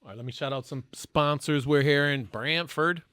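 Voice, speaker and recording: A man's voice: a little high, normal speed, a bit bright, smooth, no echo, studio quality. Man hosting a casual podcast. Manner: brief encouraging reactions and questions. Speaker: podcast host. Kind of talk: casual interview chat.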